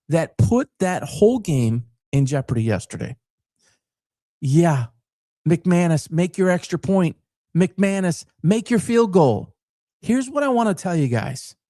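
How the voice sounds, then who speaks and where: A passionate man, once a coach, now hosting his own sports talk commentary, who drives his points home through repetition and stacked phrases. His voice sits a touch high and rides up and down with real animation. The sound is dry and close, with no room around it. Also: a little mellow, no room sound. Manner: emphatic and repetitive, building rhetorical lists; passionate, fired-up. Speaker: former coach.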